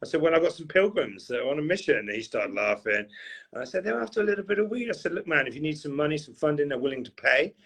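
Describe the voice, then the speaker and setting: A man's voice: on the high side, lively intonation, fast talker, fairly bright tone, husky. A man on a podcast, telling a long rambling story in a casual way, full of fillers and restarts. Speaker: podcast co-host.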